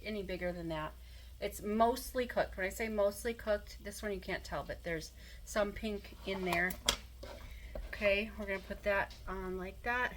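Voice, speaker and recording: Home-cook vlogger woman, easygoing rambling chat in her kitchen, clear background noise. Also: medium pitch. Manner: rambling, thinks aloud with fillers. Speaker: cooking vlogger. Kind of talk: casual cooking vlog chat.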